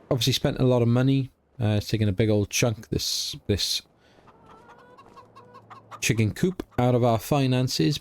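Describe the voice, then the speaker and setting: A middle-aged man, hosting a relaxed farming game let's play, chatting easily and thinking aloud as he plays. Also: on the low side. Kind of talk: casual game commentary.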